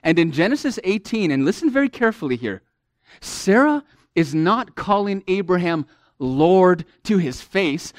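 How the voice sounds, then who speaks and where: A man preaching a sermon to women, earnest and emphatic, who speaks to them directly and swings from loud emphasis to a near-murmur. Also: high voice, big pitch swings, normal speed, no room sound, studio quality.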